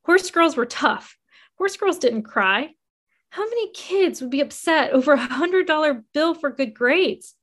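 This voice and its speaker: A woman narrating a first-person memoir in an expressive reading that rises with emotion. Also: high-pitched, measured pace.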